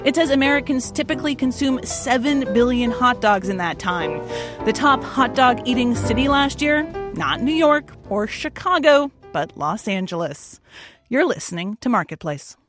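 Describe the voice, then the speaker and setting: A woman hosting a radio news program, reading a scripted narration with lively emphasis. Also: high-pitched, moderate pace, music in the background. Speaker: radio host.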